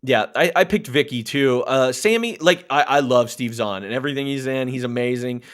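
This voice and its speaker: A man in his thirties hosting a casual movie review chat, relaxed, laughing often and steering with questions. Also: mid-range voice, normal speed. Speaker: podcast host.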